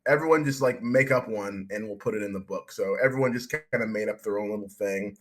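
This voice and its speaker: A man's voice: fairly low pitch, fast. A young man, a comic book writer, talking casually in an interview, rambling enthusiastically with many restarts.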